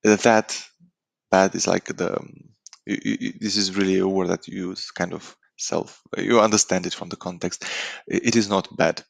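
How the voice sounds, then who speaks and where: A man with a Romanian accent teaching a language lesson in a relaxed, hesitant way, full of fillers and restarts. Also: deep voice, normal speed, creaky. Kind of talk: casual spoken lesson.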